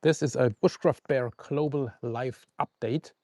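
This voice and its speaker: A man hosting a live stream from outdoors, calm and unhurried as he greets viewers and reads the news. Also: medium pitch, no room sound, studio quality. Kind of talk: casual live stream chat and news reading. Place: outdoors at a forest camp on the coast.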